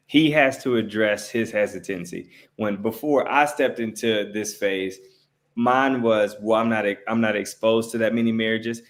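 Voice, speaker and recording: A man with a fairly low voice co-hosting a podcast. He drives his points home with repetition and a preachy, emphatic delivery. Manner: emphatic, preachy, repeats key lines. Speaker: podcast co-host. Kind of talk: casual podcast chat.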